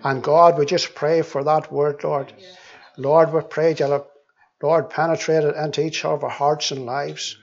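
A man with a somewhat high voice reads scripture and leads prayer at a church meeting. He speaks very slowly and deliberately, circling back to the same words as he prays. The recording is dull and lo-fi. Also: level tone, creaky. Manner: slow and deliberate, with frequent repeated words in prayer. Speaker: church speaker giving his testimony. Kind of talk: Bible reading, prayer and testimony.

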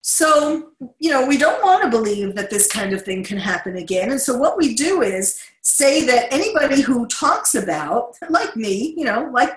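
A woman's voice: on the high side, sing-song, normal speed, hardly any pauses, echoey room, rough recording. A middle-aged woman with a New York accent hosting a talk show, speaking earnestly with many fillers and restarts. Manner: earnest, with frequent fillers and restarts, occasional laughs. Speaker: host.

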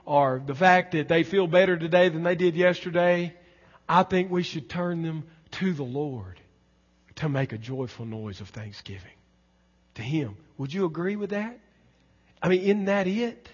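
Slow, emphatic preacher in a reverberant hall. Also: male voice, expressive. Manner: emphatic preaching, swinging from loud exclamations to soft low lines. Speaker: pastor. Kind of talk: sermon. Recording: dull sound with long hall reverb.

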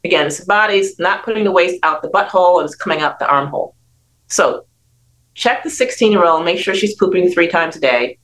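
Older woman, doctor giving advice, blunt and emphatic, lively pitch swings, talk-show chat. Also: fairly quick, poor audio. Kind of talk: casual radio talk advice.

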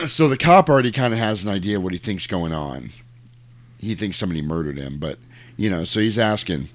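A man with a fairly low voice chats casually on a podcast, retelling a film scene by scene. He slips into the characters' lines with lively energy. The sound is dry and close. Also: a little fast, dry recording. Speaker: podcast co-host recapping a film. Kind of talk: casual chat.

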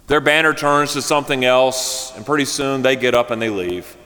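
A man preaching a sermon, telling a story in a lively, conversational way before turning to his congregation. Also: medium pitch, normal speed, hardly any pauses. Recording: reverberant church hall.

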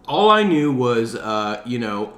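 A man's voice: mid-range voice, slow pace. A man co-hosting a podcast, joking and swearing as he tells stories in casual chat. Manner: joking, profane, animated storyteller. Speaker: podcast co-host. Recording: roomy echo.

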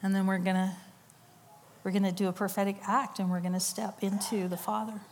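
A woman's voice: mid-range voice, flat delivery, a little fast, a crowd in the background. A middle-aged woman giving a sermon, telling a story with quoted voices and laughing asides. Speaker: conference speaker. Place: church or conference hall.

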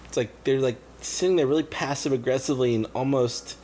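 A man's voice: medium pitch, fairly quick, mellow, a little hiss or hum. A man co-hosting a casual podcast, telling rambling anecdotes. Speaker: podcast co-host. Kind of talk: casual chat.

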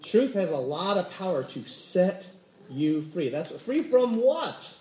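A male pastor preaching a sermon, telling stories and acting out everyday conversations in a lively way. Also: high-pitched, slow. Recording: roomy echo.

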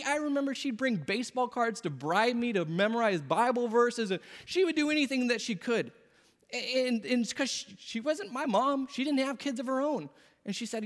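High-voiced man preaching in a reverberant church. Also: lively intonation, a little fast. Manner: earnest, conversational preaching with quoted asides. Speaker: pastor. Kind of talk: sermon. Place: church sanctuary.

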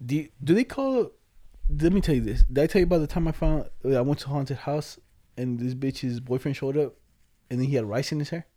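A man's voice: mid-range voice, fairly quick, mellow. A young man chatting casually with a friend, telling stories in heavy slang and laughing often. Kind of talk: casual chat between friends.

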